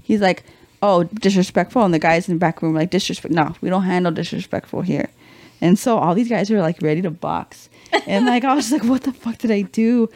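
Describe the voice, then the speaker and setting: A woman's voice: fairly low pitch, brisk, dry recording. A young woman, a podcast guest, telling a story in casual chat, acting out quotes with swearing and slang. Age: young adult. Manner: animated, acts out quotes, swears freely, slangy.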